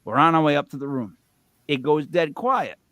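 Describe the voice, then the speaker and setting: A middle-aged man co-hosting a live show, telling a long casual story in a rambling, animated way, swinging between loud bursts and mutters. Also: on the high side, moderate pace, no echo. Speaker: co-host.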